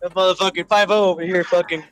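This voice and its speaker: A man's voice: high-pitched, level tone, fast talker, fairly bright tone, clean tone, no room sound, rough recording. A man chatting casually and joking around while drunk on a group stream. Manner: loose, joking, tipsy banter. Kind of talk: casual chat.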